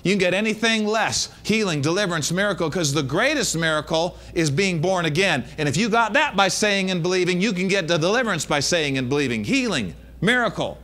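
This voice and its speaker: A man preaching from the pulpit in a strikingly high register. His tone is bright and forceful. He hammers home repeated phrases and calls on the congregation to answer. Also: lively intonation, fairly quick, hardly any pauses. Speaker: pastor. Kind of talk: sermon.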